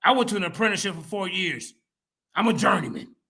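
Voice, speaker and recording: This male panelist's voice is high, gravelly, pushed and bright, moving at a quick, expressive clip. In a heated online debate, he swears and confronts an opponent with repetitive, emphatic call-outs.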